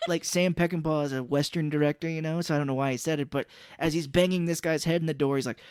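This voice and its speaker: A man's voice: fairly high pitch, fast, few pauses, clear, resonant tone, dry recording, clean studio sound. A man co-hosting a casual movie podcast, animatedly recounting scenes. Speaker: podcast co-host.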